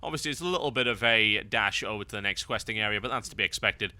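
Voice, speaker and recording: A man's voice: on the low side, quick pace, bright, forceful tone, dry recording. A man hosting a game guide, giving wry, sarcastic gameplay commentary.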